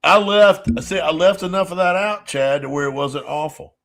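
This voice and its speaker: A man co-hosting a podcast, telling a rambling, animated story in casual chat. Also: fairly high pitch, moderate pace. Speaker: podcast co-host.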